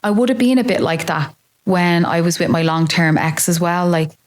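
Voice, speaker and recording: A woman, possibly in her late thirties, hosts a podcast and talks openly about her own life in a candid personal monologue. She comes across as reflective and confiding, with a lowish voice at a moderate pace.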